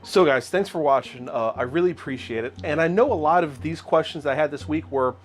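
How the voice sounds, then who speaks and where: A man's voice: on the high side, a little fast, soft background music. A man hosting a casual chat show who talks in an easygoing way, often giving short agreeing replies. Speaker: host. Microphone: lapel mic.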